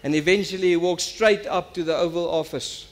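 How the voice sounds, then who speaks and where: A man's voice: high voice, fairly quick. A man, a pastor preaching a sermon and telling a story that builds to emphatic appeals.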